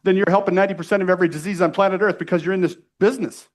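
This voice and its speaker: Salesy middle-aged man, higher voice. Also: rapid-fire. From United States. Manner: energetic, salesy, keeps asking "right?". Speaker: sales trainer. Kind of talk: live training talk to a room. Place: room with a live audience.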